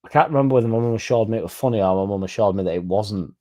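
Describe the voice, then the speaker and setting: Guy on a live stream, chatty n sweary, warm low-key tone. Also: quick pace. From England. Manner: chatty, sweary, reads comments aloud. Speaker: fan channel host reading live chat. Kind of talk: casual live-stream chat.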